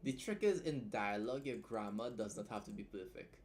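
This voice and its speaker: Young man, tired, low voice, casual livestream tutorial, keeps saying "right?", soft keyboard clicks in the background. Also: expressive, a little fast, a little hiss or hum. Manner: loose and chatty, tags points with "right?" and "like". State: tired from staying up long. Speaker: writing streamer teaching editing.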